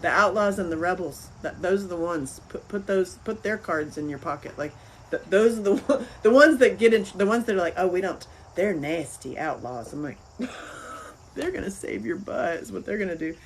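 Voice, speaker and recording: A woman talking as an interview guest in casual chat. She is animated, laughs often and repeats phrases. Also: fairly low pitch, moderate pace, a little hiss or hum, poor audio. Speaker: interview guest, filmmaker and author.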